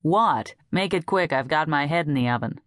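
A woman's voice: low-pitched, animated, normal speed, fairly bright tone, no echo, clean studio sound. A woman narrator voicing a weary, wry middle-aged wife who is a little cross.

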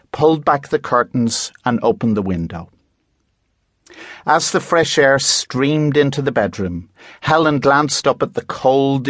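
Slow, measured male storybook narrator. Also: medium pitch, fairly bright tone, no echo, clean studio sound. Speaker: audiobook narrator. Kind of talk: scripted children's book narration.

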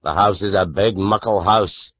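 An actor reading an audiobook and voicing a blunt, loud Scottish cart driver. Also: male voice, low voice, moderate pace, dry recording, lo-fi sound. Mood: gruff. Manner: blunt, forceful. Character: gruff blunt Scottish carter, middle-aged man.

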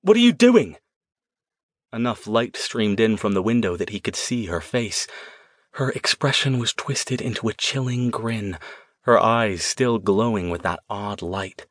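A low-voiced man reads a supernatural thriller audiobook in a tense, measured way. The recording is dry and close, with no room sound. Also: a bit bright, no echo. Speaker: audiobook narrator. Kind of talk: scripted narration.

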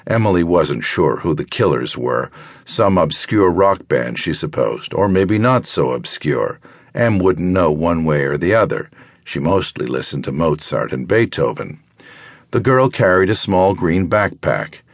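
A man with a very low, deep voice reads a thriller audiobook in a measured, even way. The recording is close and dry, with no room sound. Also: no echo. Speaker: audiobook narrator. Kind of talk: scripted narration.

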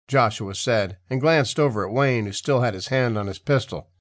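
A man's voice: mid-range voice, moderate pace, few pauses, dry recording. Man narrating an audiobook, dry studio sound. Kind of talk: scripted narration.

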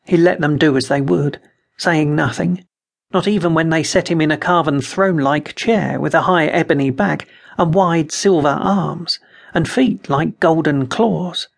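Male narrator, fantasy audiobook, fairly high voice with gravelly grain, measured and dramatic.

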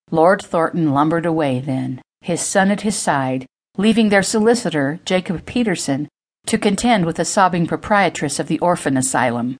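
A woman's voice: low-pitched, moderate pace. A woman reading her own historical romance novel as narrator. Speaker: audiobook narrator and author. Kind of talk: scripted narration.

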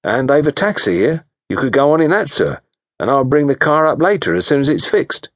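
A man's voice: mid-range voice, sing-song, brisk, no echo, clean studio sound. A man voicing a cheerful chauffeur who reassures his employer. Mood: reassuring.

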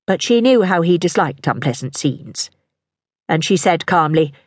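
A woman narrating a historical novel for an audiobook in a measured, even manner. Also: lowish voice, no echo, clean studio sound.

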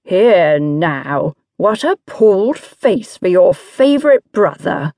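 A woman's voice: on the low side, very animated, takes it slowly, a little mellow, dry recording, studio quality, heavily acted. A woman reading an audiobook, voicing a jovial teenage boy who banters with his little sister. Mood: teasing. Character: cheerful teenage boy, teasing older brother.

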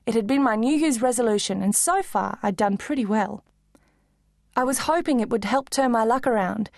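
A woman narrating a children's book in first person, lively and expressive. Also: fairly high pitch, dry recording, studio quality. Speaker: audiobook narrator.

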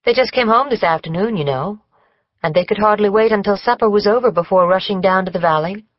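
A lively young mother speaks with brisk interest, as a woman narrator gives her voice. The recording is close and dry, with slightly dulled highs. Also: no room sound, highs cut off, natural voice. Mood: fond.

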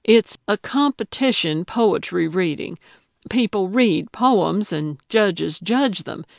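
A woman's voice: mid-range voice, expressive, slow pace, vocal fry, no echo, clean studio sound, full character voice. A woman reading an audiobook, voicing a feisty, indignant elderly woman who fancies herself a detective. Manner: indignant, emphatic.

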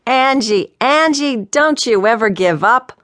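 Woman playing a gruff old New Orleans PI. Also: medium pitch, animated, moderate pace, a bit bright, no echo, clean studio sound, close to an everyday voice. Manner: gruff, irritated. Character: gruff 65-year-old male private investigator.

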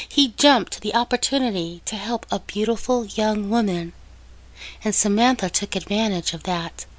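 A woman reads a novel aloud in a measured, even storytelling voice. Her pitch is middling and her pace is slow. The recording is dry, with no room sound. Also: no room sound, rough recording. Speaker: audiobook narrator. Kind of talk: scripted audiobook narration.

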